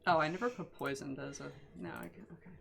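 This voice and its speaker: A woman chatting casually as a player at a tabletop game, lively and giggly. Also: low-pitched, quick pace, vocal fry, background noise.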